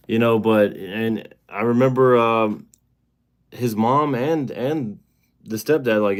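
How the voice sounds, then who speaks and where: A man with a mid-range voice hosts a livestream, speaking unhurriedly. He rambles casually, full of fillers and restarts, and grows heated and indignant.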